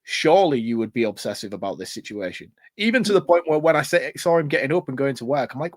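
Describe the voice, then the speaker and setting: A blunt, expressive man with a mid-range voice, swearing freely as he reviews a film in casual chat. He sounds close and dry, with no room echo. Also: mid-range voice, fast, hardly any pauses. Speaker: podcast co-host.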